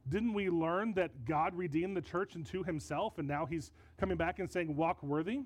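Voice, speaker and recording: A man's voice: on the high side, normal speed, rough recording. A man preaching a sermon to his church, teaching earnestly and emphatically, often repeating words as he explains. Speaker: pastor. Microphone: handheld or stand mic.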